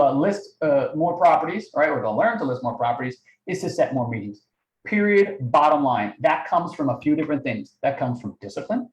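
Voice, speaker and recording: An energetic man coaching a live online audience, his voice sitting a bit high. He keeps asking "right?" and "okay?". The sound is echoey, as if he is in a bare room. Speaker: webinar host. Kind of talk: live sales training talk.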